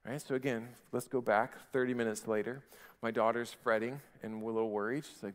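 A man in his thirties preaching a sermon in a relaxed, conversational way, often restarting his phrases and dropping in fillers. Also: mid-range voice, a little fast, clean tone, in a large hall. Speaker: pastor.

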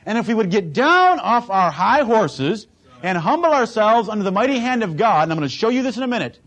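A male pastor delivering a sermon in a high-pitched voice. He preaches with emphasis and drama, acting out the words of the people he quotes. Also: sing-song, fairly quick, fairly bright tone.

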